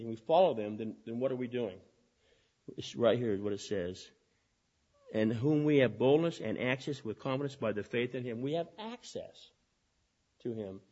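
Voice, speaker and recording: Husky fast-talking male preacher. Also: mid-range voice, dark tone, muffled recording. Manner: fast-talking, with repeated restarts. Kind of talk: sermon.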